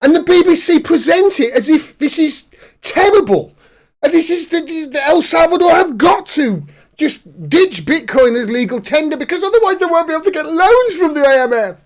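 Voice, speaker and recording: Sarcastic high-voiced man commentating. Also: sing-song, moderate pace. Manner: sarcastic, mocking, laughs at the news. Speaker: political commentator. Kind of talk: casual commentary reading news articles.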